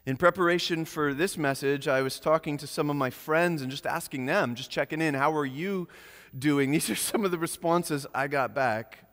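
A man preaching a sermon as pastor, earnest, slowing and softening on key phrases. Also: on the high side, in a large hall.

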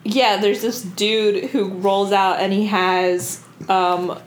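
A woman's voice: mid-range voice, flat delivery, takes it slowly. A woman co-host talks loosely through a book she has read, full of fillers and cursing. Her voice bounces around an echoey room. A faint background noise sits under it. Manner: chatty, lots of fillers and swearing, laughs often. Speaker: podcast co-host. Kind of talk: casual book discussion chat.

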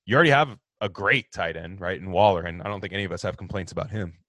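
Ranting sports fan man, low voice. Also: fast talker, no echo. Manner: animated, ranting, swings between loud outbursts and low mutters. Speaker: sports podcast host answering fan questions. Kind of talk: casual sports chat.

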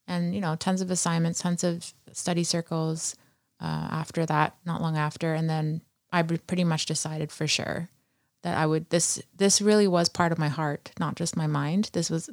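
Chatty, animated woman, dry close sound. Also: deep voice, normal speed, no room sound. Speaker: interview guest. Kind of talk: conversational interview storytelling.

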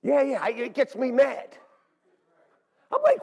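A man preaching a sermon as pastor in a church, animated and swinging between hushed asides and shouts. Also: very high voice, a little slow, gravelly, husky. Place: church sanctuary. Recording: long hall reverb.

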